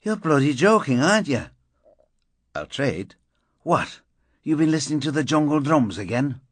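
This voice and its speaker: A man's voice: mid-range voice, expressive, normal speed, no echo, pitched above the performer's own voice, natural voice. A man voicing a blunt, foul-mouthed police sergeant. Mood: incredulous. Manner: blunt, sweary, incredulous.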